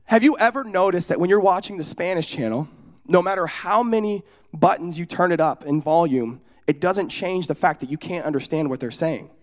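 A young man from Oregon preaching in a casual, storytelling way, animated and acting out the voices in his stories. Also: high voice, brisk. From United States, Oregon. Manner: casual, often asks "you know what I'm saying?". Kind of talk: storytelling sermon.

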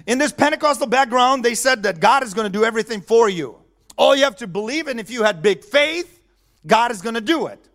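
A man's voice: extremely high pitch, a bit bright. A man preaching a sermon in a conversational way, chuckling often and asking the audience questions.

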